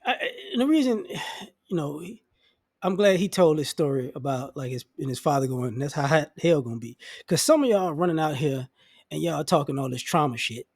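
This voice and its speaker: A man's voice: animated, a little fast, a little mellow, slightly rough, dry recording, studio quality. Blunt, profane man ranting. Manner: blunt, profane, mocking, acts out quoted people in high voices. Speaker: commentary vlogger. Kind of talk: casual ranting monologue.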